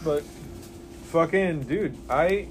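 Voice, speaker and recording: A man's voice: a little high, slow, a little hiss or hum. A man in a casual chat in a comic shop, blunt and opinionated, swearing freely. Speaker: guest, comic maker.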